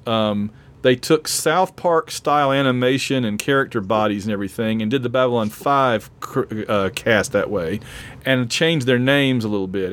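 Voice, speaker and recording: A man co-hosting a relaxed podcast conversation, his voice worn and going hoarse. He talks like an eager fan, laughing easily and restarting his sentences as he goes. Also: medium pitch. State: losing his voice. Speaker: podcast co-host. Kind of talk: casual chat.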